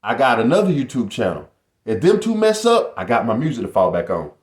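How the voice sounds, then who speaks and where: A middle-aged man talks straight to his viewers in a casual home vlog. His pitch swings widely as he boasts and hypes up his audience, and the room gives his voice a noticeable echo. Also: fairly quick. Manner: animated, boastful, addresses viewers as "y'all". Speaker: YouTuber.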